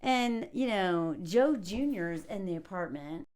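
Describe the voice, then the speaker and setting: A woman's voice: medium pitch, animated, takes it slowly, a little mellow, clean tone. A woman reviewing a movie in casual spoken commentary, sarcastic and mocking, chatty with lots of likes and ums.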